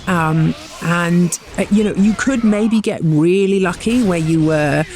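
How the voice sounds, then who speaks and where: A man's voice: sits high, darkish tone, slight background noise. A man with an English accent, co-hosting a podcast and eagerly explaining science in casual chat. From England. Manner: enthusiastic explainer, quick bursts. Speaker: podcast co-host.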